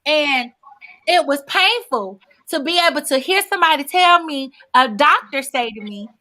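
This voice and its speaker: A woman guest on a talk show, a mother telling her story candidly in casual, animated speech. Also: high voice, moderate pace. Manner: animated, acts out quoted voices, casual vernacular. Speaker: guest, mother of a ten-year-old.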